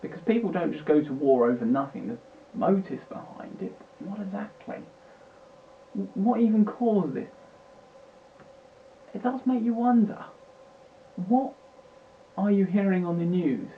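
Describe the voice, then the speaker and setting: A man's voice: high voice, lively intonation, unhurried, long pauses. Ranting British man on a tinny mic. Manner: agitated, swearing, rambling with restarts. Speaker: vlogger. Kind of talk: unscripted political rant. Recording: tinny lo-fi mic with faint hiss.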